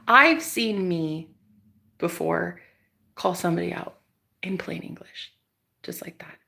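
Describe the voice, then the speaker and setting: A woman's voice: medium pitch, pushed and bright. A young woman livestreaming, ranting sarcastically at viewers in chat, swearing and laughing as she talks. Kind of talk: casual livestream rant to chat.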